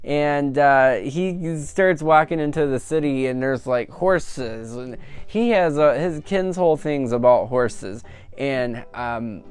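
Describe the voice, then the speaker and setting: A man giving a casual, rambling film review, full of fillers and animated reactions. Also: mid-range voice, slow pace, clean tone. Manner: chatty and rambling, full of "like" and "you know"; animated, laughing at the funny parts. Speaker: movie reviewer.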